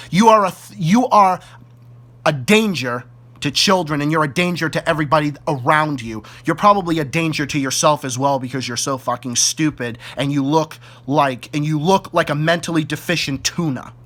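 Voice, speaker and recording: A man with a Boston accent rants furiously into the camera, swearing and hammering the same insults again and again. His voice sits a little high and comes out hard and forceful. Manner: furious, profane, repetitive insults. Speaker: YouTube ranter. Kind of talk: angry direct-to-camera rant.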